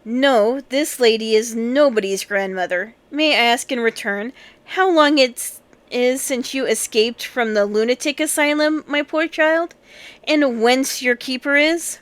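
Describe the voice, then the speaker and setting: A man's voice: very high-pitched, a little slow, fairly bright tone, smooth, no echo. A woman voicing a grown clergyman who teases children in a mock-formal, ironic way. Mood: teasing. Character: teasing grown clergyman, dryly humorous.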